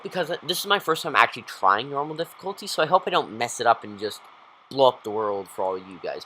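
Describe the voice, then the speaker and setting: A man giving rambling, excitable gameplay commentary as a YouTuber, talking straight to his viewers. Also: medium pitch, a little hiss or hum, low-quality recording. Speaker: gaming YouTuber.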